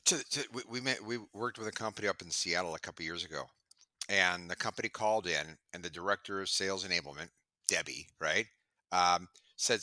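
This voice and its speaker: A middle-aged man on a video call chatting in an interview, telling stories with lively acted-out quotes. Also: fairly low pitch, brisk, no echo. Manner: animated storyteller, acts out quoted voices. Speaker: sales trainer and podcast guest. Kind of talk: casual interview chat.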